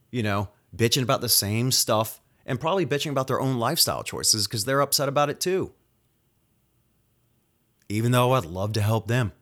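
This man's voice is lowish and a bit bright. He's a nurse on his own solo podcast, swearing freely as he vents angrily about his workplace in a profane, rapid-fire rant.

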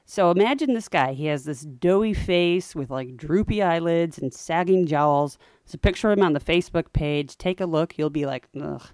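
A woman co-hosting a podcast, telling a history story in a chatty way with wry, animated asides. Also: lowish voice, normal speed, few pauses, dry recording, clean studio sound. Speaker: podcast co-host.

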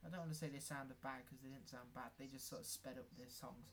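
A man's voice: medium pitch, fairly even intonation, fast talker, a bit bright, a little hiss or hum. A young man, co-hosting a podcast in casual chat and ranting sarcastically with swearing. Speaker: podcast co-host.

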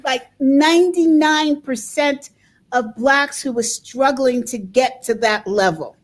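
An older woman from the United States, speaking in a conversational interview, reflective, pausing and repeating words as she thinks. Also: high-pitched. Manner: reflective, pauses and repeats words, laughs softly.

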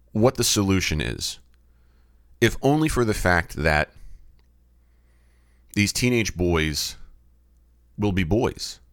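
Man, middle-aged, podcast host, thinking aloud, lowish voice, very lively pitch, dry close mic. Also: no room sound. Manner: musing, asks himself questions, frequent restarts. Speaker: podcast host and baseball umpire. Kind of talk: reflective solo podcast talk. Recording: dry close-miked studio sound.

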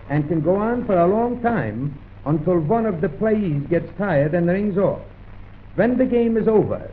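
Man, high and lively voice, deadpan comic monologue, tinny scratchy old record, faint hiss. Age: 1910s archive recording. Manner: dry deadpan instructions, mimicking phone voices.

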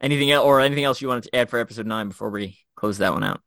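Speaking very fast in a mid-range voice, a middle-aged former Special Forces officer recounts military stories as a guest co-host on a casual podcast. He's an animated storyteller who leans on fillers and keeps restarting sentences; there's no room sound.

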